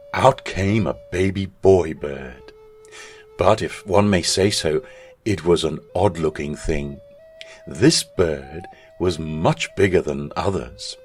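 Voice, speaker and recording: A man, a school chaplain, narrating a children's story in an expressive storytelling manner. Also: low-pitched, breathy edge.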